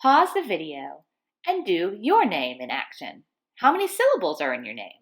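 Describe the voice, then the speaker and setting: Animated woman cheering kids on. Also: lowish voice, normal speed. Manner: bright, encouraging. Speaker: kids class narrator. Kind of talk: upbeat instruction for children.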